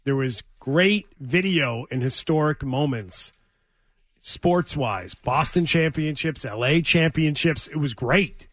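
A man's voice: on the high side, slow, a bit bright, dry recording. A man co-hosting a sports talk radio show, emphatic and repeating himself to keep the floor. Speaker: radio co-host.

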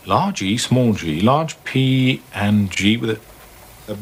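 A man's voice: on the low side, lively intonation, takes it slowly, a little hiss or hum. An actor playing Doctor Watson, an earnest male doctor companion, speaking in an eager, careful way in a radio drama. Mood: wondering.

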